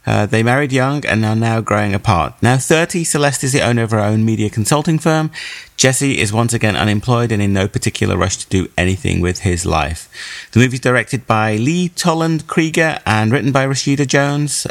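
A man's voice: medium pitch, brisk, no echo. A man gives his take on a film in a casual podcast chat. He jokes and teases his co-hosts and laughs easily. His voice is recorded close and dry, with no room sound. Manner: jokey, laughs often, teasing. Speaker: podcast co-host, film reviewer.

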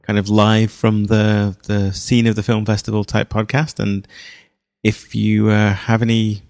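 Deep gravelly man, podcast co-host. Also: monotone, unhurried, a little mellow, no room sound, studio quality. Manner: thoughtful, hesitant with fillers and restarts. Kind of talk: casual film review chat.

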